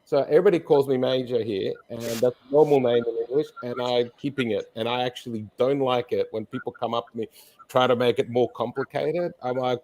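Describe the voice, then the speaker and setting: A man from Hungary in a casual panel chat, talking emphatically and quick to argue back. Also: mid-range voice, fairly even intonation, darkish tone, rough recording. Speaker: panel guest.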